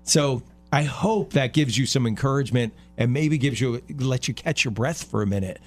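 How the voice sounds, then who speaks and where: A man's voice: mid-range voice, normal speed. A middle-aged man co-hosting a talk radio show, speaking earnestly and emphatically in a casual way, often restarting his phrases.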